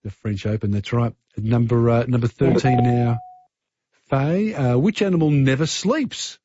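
A man's voice: mid-range voice, normal speed, mellow, husky, dry recording, highs cut off. A man with an Australian accent hosting a talkback radio quiz, chatty and easygoing. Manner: chatty, easygoing, filler-heavy.

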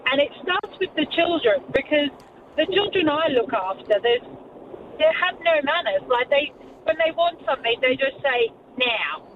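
A woman's voice: high voice, animated, moderate pace, far from the mic. A woman calling a radio show, a nanny from Australia, talking in an indignant, chatty way with lots of "like". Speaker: caller, nanny. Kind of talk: phone-in chat. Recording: tinny phone line with noise.

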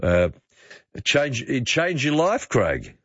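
A man's voice: mid-range voice, huge pitch swings, slow, fairly bright tone, slightly rough, no room sound, highs cut off. A man hosting a talkback radio show, encouraging his callers. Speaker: radio host.

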